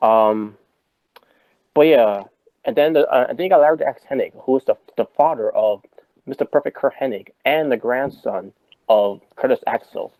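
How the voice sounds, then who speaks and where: Male podcast co-host, mellow voice, rambling delivery full of fillers, dry close sound. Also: medium pitch, normal speed, no echo, poor audio. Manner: rambling, many restarts and fillers. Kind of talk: casual wrestling talk.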